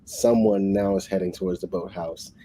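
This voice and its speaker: A man co-hosting a casual book discussion, recapping the plot in an excitable, rambling way with lots of restarts. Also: deep voice, normal speed, a little hiss or hum, rough recording. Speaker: book club co-host.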